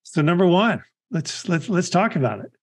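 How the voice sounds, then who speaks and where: A man's voice: high voice, very animated, normal speed, slightly rough. A middle-aged man hosting a podcast, talking casually and upbeat, often restarting his sentences. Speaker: podcast host. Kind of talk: casual chat.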